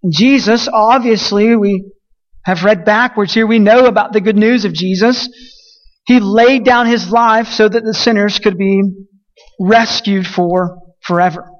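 High-voiced man preaching, muffled. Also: a little slow. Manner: earnest, repeats phrases, self-correcting. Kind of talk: sermon with scripture reading.

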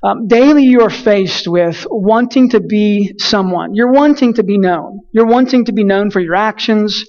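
A man's voice: sits high, moderate pace, hardly any pauses, a little mellow. Guy giving a chatty sermon, tells stories, lots of uhs, kinda dull muffled sound. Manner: conversational, frequent fillers and restarts, storytelling. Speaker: preacher. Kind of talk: casual sermon with a personal story.

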